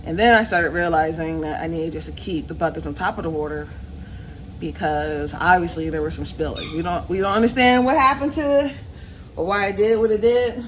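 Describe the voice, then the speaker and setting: A woman's voice: fairly low pitch, a little fast, slight background noise, poor audio. A woman vlogging at home, chatting and laughing with her viewers while sweaty from yard work. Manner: chatty, laughs often, talks to viewers as y'all. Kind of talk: casual chatty vlog. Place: at home, in the backyard and indoors.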